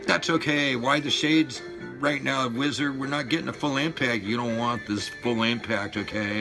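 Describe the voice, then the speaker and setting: A man in his sixties ranting and swearing at his viewers, loud one moment and muttering low the next. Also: normal speed, gravelly. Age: 60s. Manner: fired-up, profane, swings between shouting and low mutters. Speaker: vlogger. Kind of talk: profane rant to camera. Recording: music playing behind the voice.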